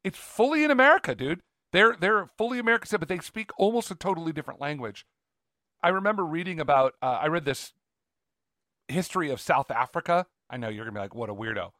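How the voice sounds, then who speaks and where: A man's voice: on the high side, big pitch swings, quick pace, bright, forceful tone, no room sound, clean studio sound. A man co-hosting a podcast, talking with eager enthusiasm and lots of restarts. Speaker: podcast co-host. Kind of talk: casual podcast chat.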